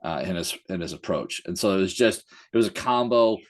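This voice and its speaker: A man's voice: sits low, animated, brisk. A male coach speaking hesitantly in a casual podcast chat, with many fillers and self-corrections.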